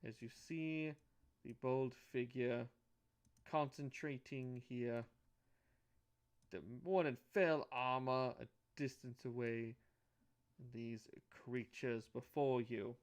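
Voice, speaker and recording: A man narrating a tabletop game as game master, halting and restarting phrases as he goes. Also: mid-range voice, steady tone.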